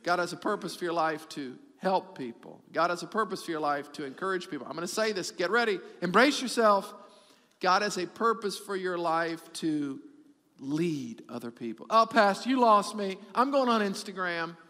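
A middle-aged man preaching a sermon as pastor, animated and repetitive for emphasis, joking with his congregation. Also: a little high, normal speed, big-room sound.

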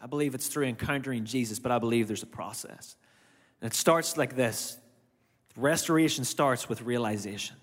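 An Irish pastor whose accent has drifted slightly American preaches in a large hall at a moderate pace and medium pitch. His sermon is conversational, with asides to the congregation.

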